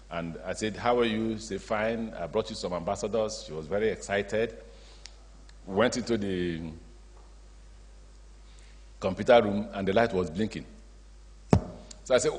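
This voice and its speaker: Nigerian guy telling stories at a podium, lowish voice, acts out the back and forth, big echoey hall. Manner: storytelling, acts out dialogue, animated asides. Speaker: state governor giving a speech. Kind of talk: public speech with anecdotes. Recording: long hall reverb.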